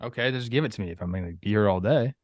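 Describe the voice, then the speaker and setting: A man co-hosting a baseball talk show, opinionated and animated in casual chat. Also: lowish voice, racing, dry recording.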